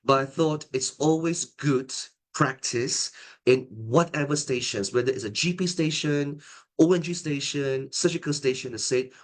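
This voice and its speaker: In this online exam-preparation lecture, a middle-aged man acts as tutor and examiner, speaking at a medium pitch. His delivery is calm and deliberate, with frequent restarted phrases.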